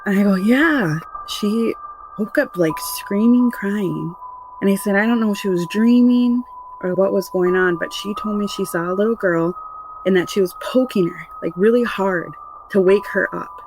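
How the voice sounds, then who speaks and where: A mother tells a true paranormal story about a frightening family experience in a mid-range voice at normal speed. Her recollection is casual and rambling, full of restarts, with background noise behind her.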